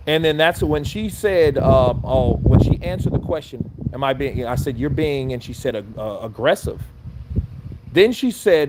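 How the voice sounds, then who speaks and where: A man's voice: mid-range voice, lively intonation, normal speed, slight background noise. A man telling a personal story in a casual, profane, rambling rant, full of restarts and quoted back-and-forth dialogue. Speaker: commentator.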